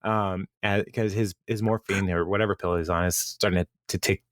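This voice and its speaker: Low-voiced man recapping an episode. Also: steady tone, a little fast, dry recording, studio quality. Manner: rambling, recounts scenes with many fillers. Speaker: podcast host. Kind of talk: casual recap chat.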